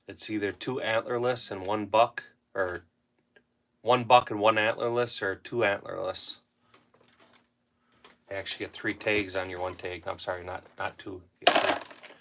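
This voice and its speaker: Young Wisconsin guy, low voice, rambling livestreamer talk, steady background noise. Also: poor audio. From Wisconsin, USA. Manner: relaxed, rambling, answers chat comments. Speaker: livestream host. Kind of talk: casual livestream chat while reloading ammo.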